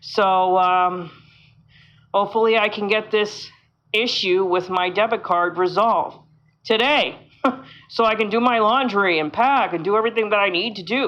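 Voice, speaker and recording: A woman vlogs casually from a hotel room, her medium-pitched voice a little slow and fairly bright. She rambles with plenty of fillers and sounds frustrated. The lo-fi recording is dull.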